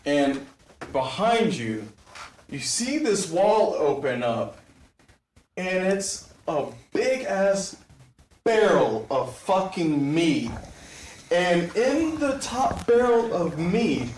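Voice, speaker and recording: A man's voice: high-pitched, big pitch swings, extremely slow, a little mellow. A man narrating as game master, loose and profane with easy laughs. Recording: roomy, distant mic with faint noise.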